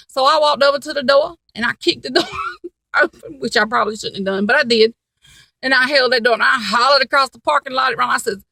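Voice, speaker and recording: High, bright-voiced woman telling a story. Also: a little fast, no room sound. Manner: animated, blunt, cussing. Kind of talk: casual storytelling vlog.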